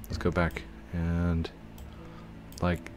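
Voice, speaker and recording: A man's voice: deep voice, monotone, extremely slow, music in the background. A man giving casual, chatty commentary while playing a building game, laughing often and breaking into goofy pleading bursts. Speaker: gaming YouTuber.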